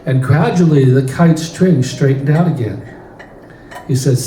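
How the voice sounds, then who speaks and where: A man telling a story from the pulpit in an animated way in a church. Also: mid-range voice, a little slow, slight background noise. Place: church sanctuary. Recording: roomy church hall, faint ambience.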